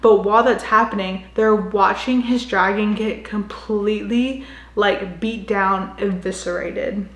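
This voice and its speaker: Young woman, casual book recapper, chatty, filler-heavy, mid-pitch, echoey room. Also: fairly even intonation, unhurried, fairly bright tone.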